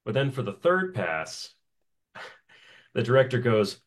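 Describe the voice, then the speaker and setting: A man's voice: mid-range voice, very animated, takes it slowly, long pauses. A man who works as a voice actor, telling stories in a casual interview and laughing often between phrases. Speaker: voice actor guest.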